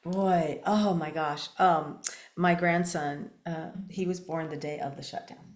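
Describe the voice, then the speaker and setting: Older woman host, low-pitched, chatty and meandering; recorded in an echoey room. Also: steady tone, a little slow. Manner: rambling, many fillers and restarts. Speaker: podcast host. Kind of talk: casual interview chat.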